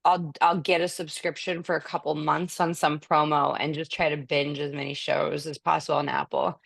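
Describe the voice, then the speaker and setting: A woman chatting easily on a podcast, often breaking into laughter. Her voice sits a little low, and the recording is dry and close. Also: flat delivery, moderate pace, gravelly, dry recording. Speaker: podcast co-host. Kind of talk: casual chat.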